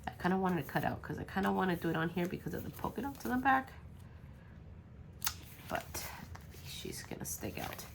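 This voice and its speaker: A woman's voice: sits low, vocal fry, background noise. A woman chatting casually while crafting a journal, rambling with lots of ums, her voice worn and congested from being sick. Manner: rambling, full of ums, muttering while working.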